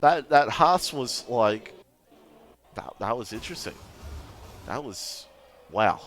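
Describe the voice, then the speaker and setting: A man's voice: medium pitch, expressive, slow, fairly bright tone. A young man commentating a sim racing league stream, chatty and laughing as he banters with chat and co-hosts. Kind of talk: casual live stream commentary.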